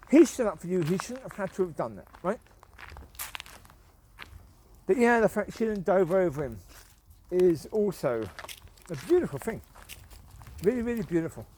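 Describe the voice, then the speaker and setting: A man's voice: sits high, a little mellow, a little hiss or hum. A man, rambling in a casual commentary while out walking his dogs in the woods. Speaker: vlogger. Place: outdoors in rural woods.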